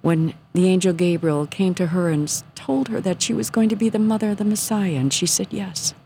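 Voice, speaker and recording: A woman telling a personal faith story on a radio show, earnest and sometimes hushed. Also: on the low side, fairly quick, slight background noise. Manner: earnest, drops to a soft hush at moments. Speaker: guest telling her story.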